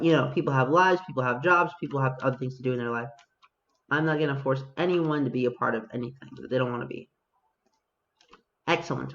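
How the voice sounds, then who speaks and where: A man's voice: on the high side, dull audio. A man giving casual, self-mocking commentary over his own gameplay as a video host, talking to himself and his viewers.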